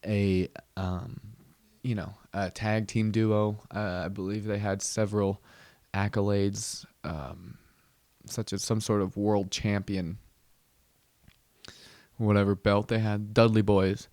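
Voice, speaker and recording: A man's voice: fairly low pitch, little pitch movement, slow, no room sound. A man hosting a comedy podcast, telling a rambling, profane story in a casual way. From Southern California. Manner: rambling, swears freely, acts out yelling and sings song snippets.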